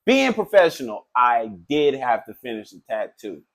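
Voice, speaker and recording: A man who works as a tattoo artist, telling a story in a loose, animated, profane way, full of filler phrases. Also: mid-range voice, normal speed. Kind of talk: casual storytelling.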